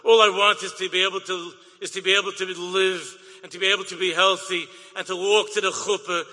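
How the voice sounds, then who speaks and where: A man's voice: high-pitched, pushed and bright. A man voicing a desperate young man who cries and pleads as he faces losing a leg. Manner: pleading, crying. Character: weeping young man facing amputation. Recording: long hall reverb.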